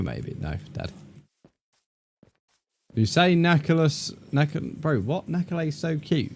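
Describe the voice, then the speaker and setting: A man's voice: mid-range voice, big pitch swings, normal speed, a little hiss or hum. A young man streaming a game, chatting casually with viewers, joking, swearing and reacting to their comments.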